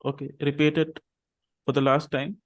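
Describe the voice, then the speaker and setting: Patient male English teacher, slightly high voice. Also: level tone. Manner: patient, models pronunciation slowly and repeats words. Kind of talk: online English class. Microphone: video call.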